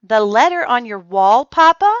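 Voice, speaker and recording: A woman voicing a chatty, excited little girl who rambles breathlessly in a storybook reading. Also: fairly high pitch, moderate pace, no echo, highs cut off, voice pushed up, natural voice. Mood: eager.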